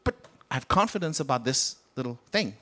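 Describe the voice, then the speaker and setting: A man's voice: mid-range voice, big pitch swings, a little fast, bright, forceful tone. A man preaching a sermon with a British accent, acting out the Bible characters as he goes. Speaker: pastor.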